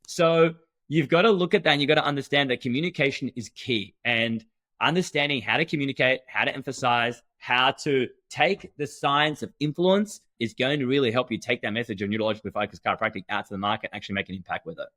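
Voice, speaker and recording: A man co-hosting a podcast, talking in an energetic, emphatic teaching tone. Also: medium pitch, fast talker, dry recording. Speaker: podcast co-host. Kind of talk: conversational podcast talk.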